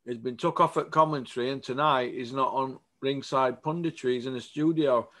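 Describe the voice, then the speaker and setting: A boxing vlogger gives a casual, blunt opinion rant to camera, animated throughout and asking again and again if people agree. He talks at normal speed with a medium-pitched male voice.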